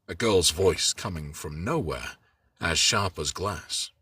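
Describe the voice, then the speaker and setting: A man hosting a show and reading a story aloud in a measured, dramatic way. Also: deep voice, animated, pushed and bright, breathy edge, no room sound. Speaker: host and reader. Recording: distant mic, dry.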